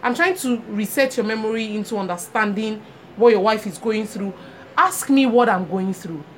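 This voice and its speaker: Animated woman telling a story. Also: mid-range voice, normal speed. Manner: animated storytelling, acts out quoted voices. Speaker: podcast co-host. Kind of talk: casual chat. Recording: faint background noise.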